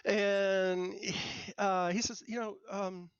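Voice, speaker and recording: A middle-aged man, a software engineer guest, telling his career story in a casual, rambling, self-deprecating way with many fillers and restarts. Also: sits high, level tone, slow pace, smooth, no echo. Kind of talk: casual interview talk. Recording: dull dry lo-fi sound.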